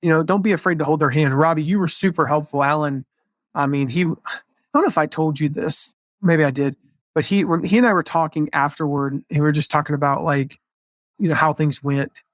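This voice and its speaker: A chatty man with a slightly raised pitch, talking casually about business in an upbeat, rambling way. The sound is close and dry, with no room around it. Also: brisk, no room sound. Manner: upbeat, chatty, lots of fillers. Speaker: podcast host, marketing coach.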